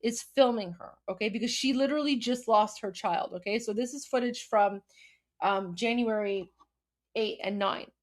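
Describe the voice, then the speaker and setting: A woman's voice: a little high, normal speed. Emphatic woman hosting a live show. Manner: emphatic, repeats herself, many restarts. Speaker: host translating a video. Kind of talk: live commentary.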